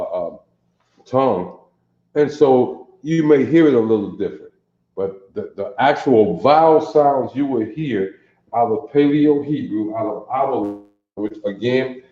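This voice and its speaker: A man teaching an alphabet in a lesson, slow and deliberate, often quizzing his listeners with questions. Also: fairly low pitch, a little mellow. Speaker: language teacher. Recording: roomy, dull lo-fi sound.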